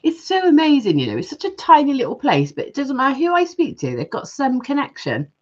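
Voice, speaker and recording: A woman's voice: high voice, wildly swooping pitch, a little fast, dull audio. A woman hosting a live jewellery-making stream, chatting casually and reading viewer comments aloud.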